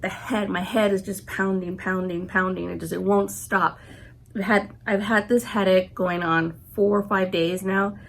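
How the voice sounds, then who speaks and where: A woman's voice: mid-range voice, fairly even intonation, unhurried, gravelly. A woman in her forties, sick and congested, telling a long casual story to camera with lots of "I'm like" and acted-out quotes. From California, USA. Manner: chatty, retells scenes with "I'm like" and quoted reactions. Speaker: vlogger.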